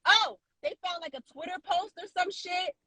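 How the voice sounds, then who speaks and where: A woman co-hosting a casual podcast, telling a story in an animated way with lots of fillers and restarts. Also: very high voice, moderate pace, no echo, low-quality recording. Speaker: co-host.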